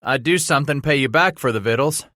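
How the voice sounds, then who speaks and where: Guy putting on a shy starving farm boy, higher voice, stammers, dry sound. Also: quick pace, sharp tone, no room sound, close to an everyday voice. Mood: earnest. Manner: stammering, eager.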